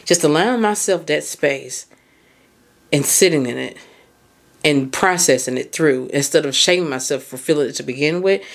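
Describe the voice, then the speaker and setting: This low-voiced woman is a podcast host and mindset coach delivering a casual monologue. She's candid and conversational, swears casually, and laughs frequently.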